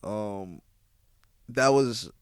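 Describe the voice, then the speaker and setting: A young man talks in a smooth, clear voice at an average pitch, sounding close and dry. He tells his stories in relaxed street slang and keeps checking in with the listener. He is a DJ guest on a casual podcast. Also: drawn-out words, no echo. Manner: laid-back slang, repeats "you feel what I'm saying". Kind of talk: casual podcast interview storytelling.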